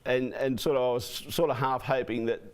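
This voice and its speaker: Give me a hoarse man, a race caller telling chatty stories as a guest. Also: mid-range voice, fairly quick. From Australia. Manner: chatty, animated anecdotes with repeated "you know what I mean". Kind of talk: interview guest storytelling.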